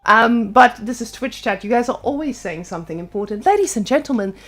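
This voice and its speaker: A woman's voice: a little high, expressive, a little fast, a bit bright. A woman casting a live strategy game match, playful and joking. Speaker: esports caster.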